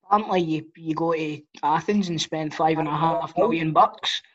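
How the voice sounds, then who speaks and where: A man's voice: fairly high pitch, normal speed. A Scottish man hosting a football podcast, chatting bluntly and swearing freely. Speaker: podcast host. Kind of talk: casual football chat. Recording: dull lo-fi audio.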